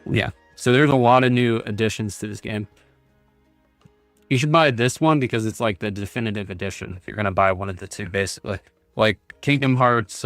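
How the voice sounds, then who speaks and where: A man doing casual livestream commentary at home on a close mic, his voice fairly low and dry in the room. He rambles and reads on-screen text aloud, padding it with fillers, while faint game music plays behind. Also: fairly bright tone, smooth, no room sound. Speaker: gaming streamer.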